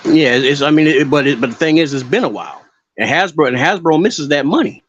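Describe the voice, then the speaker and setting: A man co-hosting a casual gaming podcast in a fairly high voice. He talks haltingly, restarting and repeating words before he lands his point. The sound is slightly muffled. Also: lively intonation, breathy edge. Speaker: podcast co-host.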